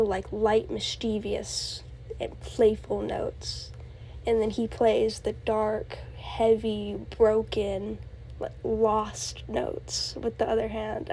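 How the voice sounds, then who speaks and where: A woman's voice: a little high, vocal fry, warm tone, slight background noise, poor audio. A young woman hosting her own show, rambling casually and gushing about a film character, with many fillers and laughs. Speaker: podcast host. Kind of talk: casual solo rambling talk.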